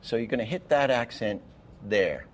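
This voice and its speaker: At a moderate pace and in an animated, medium-pitched voice, a man teaches an animation masterclass. He explains with false starts and counts the frames aloud.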